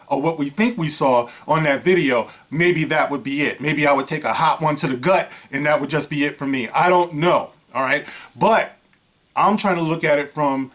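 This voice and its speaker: A man gives a casual, seated commentary to his viewers in a voice that sits somewhat high for a man. He talks loosely and conversationally, leans on "you know," and slips into acted-out bits of a scene as he goes. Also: a bit bright. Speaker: vlogger. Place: seated indoors.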